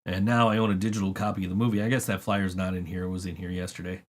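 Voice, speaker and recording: A man's voice: deep voice, flat delivery, racing. Rambling, swearing man telling stories. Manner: rambling storyteller, swears often, laughs between stories. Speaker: podcast host. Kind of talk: casual chat.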